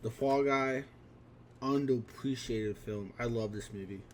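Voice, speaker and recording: A man's voice: mid-range voice, measured pace, a little hiss or hum. A man in his twenties talking casually and offhandedly through his film collection, with frequent restarts and fillers. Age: 20s. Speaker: vlogger.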